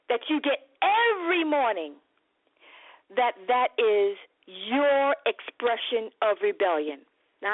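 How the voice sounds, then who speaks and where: Impassioned woman coach preaching on the radio, high voice, dry and phone-thin sound. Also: dry recording, narrow, tinny audio. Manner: impassioned, animated, addresses listeners as beloved. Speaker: nutrition coach and broadcast host. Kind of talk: preaching-style health talk.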